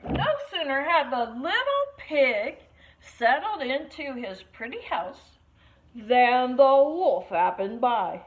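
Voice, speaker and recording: A woman teacher reading a picture book aloud to children, expressive and stopping to explain words, on a muffled lo-fi recording. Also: high voice, slow pace, a little hiss or hum.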